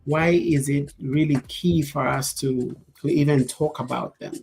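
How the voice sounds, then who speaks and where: A woman's voice: very deep voice, a little slow, gravelly, darkish tone, soft background music. A woman from Africa hosting a talk show, posing questions to her co-hosts and laying out definitions. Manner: poses questions to the panel and defines terms. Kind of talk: guiding a panel discussion.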